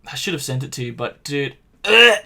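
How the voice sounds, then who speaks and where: A man co-hosting a casual podcast, telling stories in an animated way and acting out the other voices. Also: medium pitch, brisk, creaky. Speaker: podcast co-host. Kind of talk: casual chat, storytelling.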